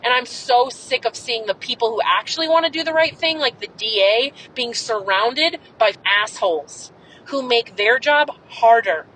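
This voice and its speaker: A woman's voice: fairly high pitch, animated, normal speed, a bit bright, slight background noise, rough recording. A young adult woman hosting a podcast, delivering an angry, profane, emphatic monologue. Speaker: podcast host. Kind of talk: impassioned monologue.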